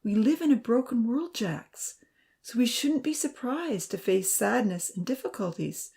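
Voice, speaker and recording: A woman voicing an earnest, gentle young male assistant who pleads softly in a storybook reading. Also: medium pitch, sing-song, unhurried, vocal fry, pitched above the performer's own voice. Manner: pleading, soft-spoken.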